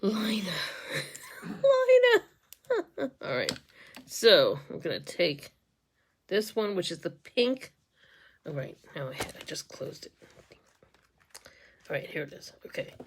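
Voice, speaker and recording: A woman vlogging a casual makeup tutorial on her phone. She talks in a chatty, giggly way, trails off and restarts often, and drops to soft mutters while she works. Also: deep voice, lively intonation, a little slow, long pauses, a little hiss or hum. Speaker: beauty vlogger and makeup sales representative. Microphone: phone camera.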